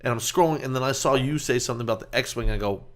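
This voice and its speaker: A man's voice: mid-range voice, rapid-fire. A young man co-hosting a podcast in casual banter, rambling and swearing often. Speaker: podcast co-host.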